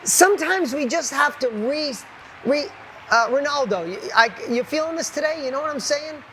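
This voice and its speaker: Guy coaching a crowd, punchy and blunt, cusses casually, high-energy motivational talk. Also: lively intonation, normal speed, pushed and bright, a little hiss or hum. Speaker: business coach.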